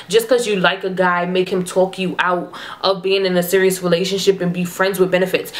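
Young female vlogger, casual chatty storyteller, acts out the dialogue herself. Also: mid-range voice. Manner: animated, chatty, acts out text exchanges.

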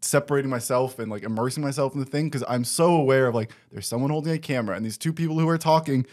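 A young man hosting a podcast who talks quickly, laughs easily and jokes about himself. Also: medium pitch, darkish tone. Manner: quick-talking, laughs easily, self-deprecating. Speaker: podcast host. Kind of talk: casual conversational interview.

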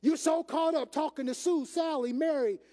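An exasperated husband scolds his wife in a raised, accusing voice, as a preacher acts him out from the pulpit. The voice sits very high for a man and sounds mellow. It rings with a long echo through the church hall. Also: normal speed. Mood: scolding.

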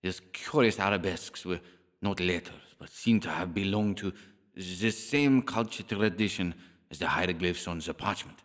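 A man narrating a horror audiobook in a measured, dramatic reading. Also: deep voice. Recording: long hall reverb.

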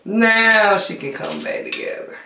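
A woman's voice: mid-range voice, lively intonation, a little slow, sharp tone, slight background noise. A woman hosting a casual eating show, chatting and humming over her food between bites. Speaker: mukbang host. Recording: echoey room, a bit far from mic.

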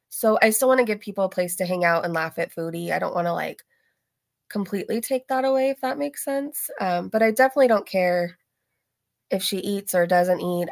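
A woman's voice: medium pitch, gravelly, no echo, studio quality. A young woman hosting a live stream, chatting casually in an offhand, rambling way. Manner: offhand, dismissive, rambling with fillers. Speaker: commentary streamer host.

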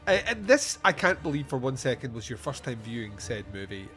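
A man's voice: medium pitch, big pitch swings, fairly quick, fairly bright tone, faint music behind. A man hosting a podcast, chatting casually about a film, laughing often and swearing freely. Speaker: podcast host. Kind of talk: casual film review chat.

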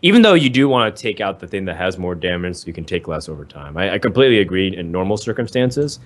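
A man's voice: low voice, big pitch swings, quick pace. A man casting a live card-game match, explaining plays at length in an analytical way. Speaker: esports commentator.

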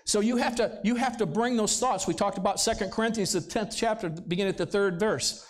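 A man's voice: high-pitched, a little fast. A male pastor preaching a sermon in a church service, talking conversationally and throwing rhetorical questions at the congregation. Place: church sanctuary, live service.

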